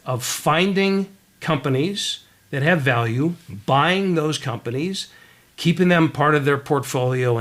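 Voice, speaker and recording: A man telling a story in a leadership talk, animated and conversational, often checking in with the audience. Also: mid-range voice. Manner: animated storyteller, frequent "right?" asides. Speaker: leadership speaker.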